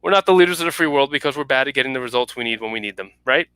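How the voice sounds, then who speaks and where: A man's voice: mid-range voice, lively intonation, racing, bright, forceful tone, clean tone, no echo, poor audio. A man voicing an earnest government official in a story reading, polite and businesslike.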